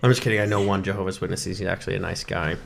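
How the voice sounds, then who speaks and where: Gravelly, low-voiced comedian. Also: male voice, little pitch movement, very fast, slight background noise. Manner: blunt, profane, joking. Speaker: podcast guest, comedian. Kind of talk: casual podcast chat.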